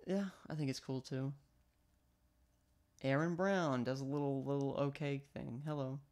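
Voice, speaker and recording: A Louisiana man hosts a casual livestream, his mid-range, darkish voice measured in pace with fairly even intonation. Chatting with a guest, he jokes, laughs often, and trades playful banter.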